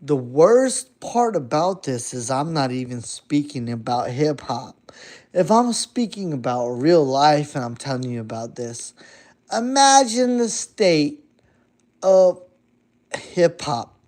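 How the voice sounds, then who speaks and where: A man giving a heated, profane late-night rant, swinging between shouting and muttering. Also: medium pitch, lively intonation, unhurried. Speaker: vlogger.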